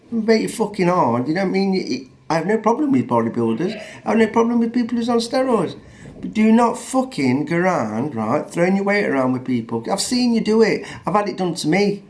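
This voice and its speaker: A man's voice: on the high side, darkish tone. A man in his fifties telling a story as a vlogger, blunt and sweary, rambling with many restarts. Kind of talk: casual storytelling rant.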